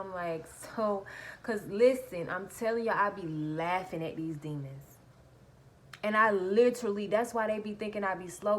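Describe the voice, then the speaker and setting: A woman telling a personal story straight to her viewers in a casual, animated way, laughing as she goes and calling them y'all. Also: mid-range voice.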